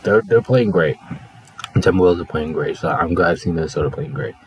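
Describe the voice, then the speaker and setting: A man's voice: deep voice, fairly quick, noisy background. A man hosting his own video, talking through sports results in a casual, offhand, chatty way.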